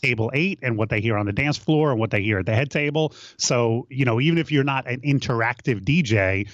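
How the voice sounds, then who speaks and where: A man's voice: mid-range voice, brisk, no room sound. Middle-aged man, wedding dj, chatty storyteller, muffled lo-fi recording, dry. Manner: chatty, storytelling, self-interrupting. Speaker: wedding DJ and podcast co-host. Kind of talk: casual podcast chat.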